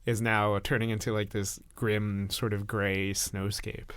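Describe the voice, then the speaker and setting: Low-voiced man narrating a tabletop scene. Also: little pitch movement, a bit bright, smooth, dry recording. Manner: measured, descriptive storytelling. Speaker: game player.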